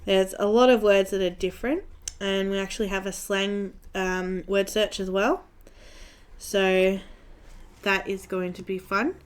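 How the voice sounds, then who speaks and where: A young Australian woman with a smooth, clean voice at a middle pitch chats casually during a live coloring stream. She talks like a chatty storyteller and laughs often as she goes. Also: little pitch movement, measured pace. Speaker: coloring channel host.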